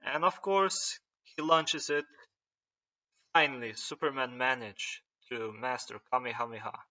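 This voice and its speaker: A man's voice: mid-range voice, steady tone, measured pace, pushed and bright. A young man casually retelling a story, rambling and hesitant, with many fillers and restarts. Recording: dull lo-fi recording.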